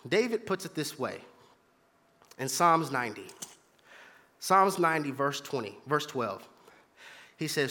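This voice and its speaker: A man's voice: a little high, big pitch swings, a little slow, long pauses, bright, forceful tone. Man preaching in a church, punchy repeated lines, swoops up and down a lot, long reverb. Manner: emphatic call-and-response preaching with repetition. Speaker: pastor. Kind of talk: sermon. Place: church sanctuary.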